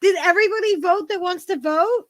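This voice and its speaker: A woman's voice: very high-pitched, fairly quick, no room sound, clean studio sound. A woman co-hosting a casual livestream and running a viewer poll, giggly and easily amused.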